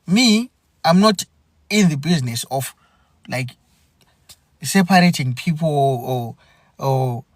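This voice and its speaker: A man delivers an impassioned podcast monologue, slow and deliberate. His somewhat high voice swings widely in pitch as he repeats phrases and restarts mid-thought. The sound is dry and close. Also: lively intonation, no echo. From Zimbabwe. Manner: earnest and aggrieved, repeating phrases with halting restarts. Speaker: podcast host.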